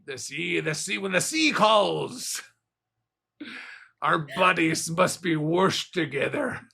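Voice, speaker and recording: A man's voice: sits high, expressive, takes it slowly, gravelly, bright, forceful tone, slightly rough, exaggerated voice. A man voicing a clingy, melodramatic wife in a theatrical, overwrought manner.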